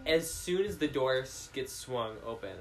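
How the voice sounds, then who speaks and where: A young man chatting with friends, telling stories quickly and teasing playfully. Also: medium pitch, expressive. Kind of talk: casual chat among friends.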